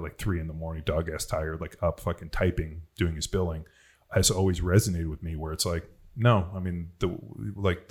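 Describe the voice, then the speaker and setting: A man's voice: low-pitched, breathy edge. A man on a podcast, telling rambling personal stories in casual chat, swearing freely and filling with "like" and "you know.". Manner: rambling storytelling with frequent swearing and fillers. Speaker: podcast host.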